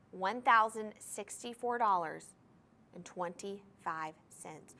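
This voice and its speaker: A woman's voice: a little high, sharp tone. A woman hosting a live TV shopping show from a studio, selling jewelry in an enthusiastic, gushing way and talking straight to the viewers. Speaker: shopping TV host. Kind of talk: live home-shopping sales pitch.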